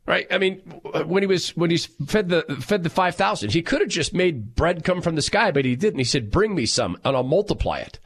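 Loud, animated husky-voiced radio host. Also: male voice, on the high side, fairly quick, few pauses. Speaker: radio talk show host. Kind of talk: talk radio monologue reading listener texts.

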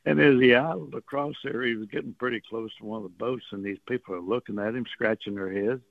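Gravelly man on a phone line. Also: mid-range voice, steady tone, fast talker, no echo. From Texas coast. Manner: folksy, chuckling, rambling. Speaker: guest. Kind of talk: casual storytelling on radio. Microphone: phone call.

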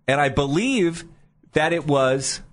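A man co-hosting a morning radio show, chatting and joking at a studio microphone. His voice moves freely up and down in pitch, playful and teasing. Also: expressive, slow pace. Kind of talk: casual radio banter.

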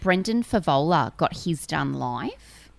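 A woman's voice: low-pitched, big pitch swings, slow, vocal fry. A woman, co-hosting a podcast and telling stories in a chatty, self-deprecating way. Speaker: podcast co-host. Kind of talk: casual chat.

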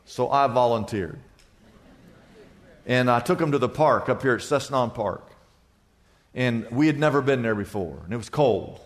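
A man's voice: mid-range voice, lively intonation, normal speed, pauses often, long reverb tail. An older man preaching a sermon as pastor, emphatic, piling up rhetorical questions.

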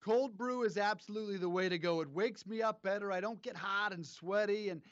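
A man cracking dry, mock-serious jokes on a podcast from his home studio. His voice is high-pitched. The sound is very dry and dull, with a lo-fi edge. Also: a little fast, fairly bright tone, dry recording. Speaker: podcast co-host. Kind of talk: casual sports podcast banter.

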